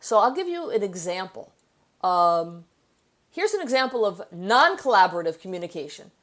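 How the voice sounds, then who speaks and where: Speaking at a normal speed in a mid-range, slightly bright voice with big pitch swings, a woman who is an author and therapist explains her ideas during an interview. She tells stories from her practice, frequently restarting her sentences.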